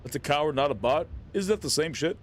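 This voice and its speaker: A man streaming an online game, excitedly teasing and talking to the characters on screen. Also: on the high side, fast talker. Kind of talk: casual gameplay commentary.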